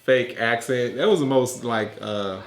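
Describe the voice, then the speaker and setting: A man's voice: mid-range voice, measured pace. A man with a mid-range voice chats on a podcast, cracking jokes and acting out little stories. He laughs often as he talks. His voice carries in an echoey room. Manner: joking, animated storyteller, laughs a lot. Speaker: podcast co-host. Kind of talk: casual chat.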